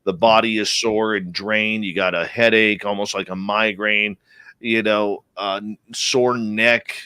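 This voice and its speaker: A man hosting a radio talk show, asking questions and telling stories in a lively way, acting out what others said. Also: lowish voice, a little slow, clear, resonant tone, dry recording. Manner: animated storyteller who acts out quoted speech. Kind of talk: casual interview talk.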